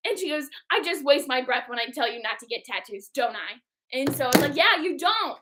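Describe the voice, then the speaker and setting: A woman's voice: sits high, quick pace, heavy background noise. A young woman co-hosting a book club livestream, chatting casually and acting out quotes as she tells stories. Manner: animated storyteller who acts out quotes.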